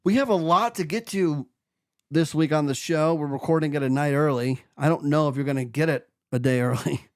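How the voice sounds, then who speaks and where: A man co-hosting a casual true crime podcast, bantering with his co-host and reading the show's plugs in a steady way. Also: fairly high pitch, brisk, dry recording, studio quality. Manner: bantering, reads promos steadily.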